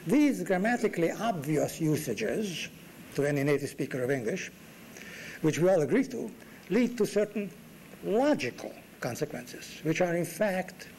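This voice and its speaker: A man lectures in a university room, with dry humor and lines that lift sharply for emphasis. His voice sits a little high for a man. A faint hum of room noise runs underneath. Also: darkish tone, poor audio. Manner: dry wit, emphatic rises. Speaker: guest lecturer. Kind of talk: classroom lecture.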